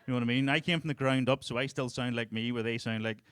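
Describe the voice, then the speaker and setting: A man's voice: medium pitch, fairly even intonation, quick pace, a bit bright, smooth, no echo. A man in his thirties with a strong Northern Irish accent, telling crude stories in a stand-up set on a club stage. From Northern Ireland. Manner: crude, storytelling, laughing through punchlines. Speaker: stand-up comedian.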